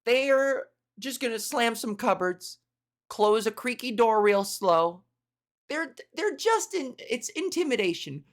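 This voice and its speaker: A woman podcast host doing a comedic monologue, crude and animated, acting out little scenes. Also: fairly high pitch, slow pace. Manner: animated, crude, acts out voices.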